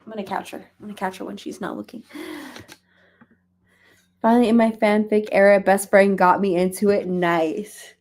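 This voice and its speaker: A woman chats casually on a relaxed reading livestream. She laughs often and drops into soft baby talk for her cat. Her voice sits at an ordinary middle pitch. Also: normal speed, pauses often. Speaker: livestream host. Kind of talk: casual chat.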